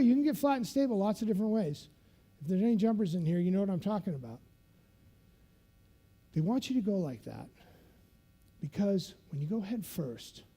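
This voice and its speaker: A man giving a motivational keynote at a conference, telling a story in an animated way and acting out scenes with sound effects. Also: sits high. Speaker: keynote speaker. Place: conference stage.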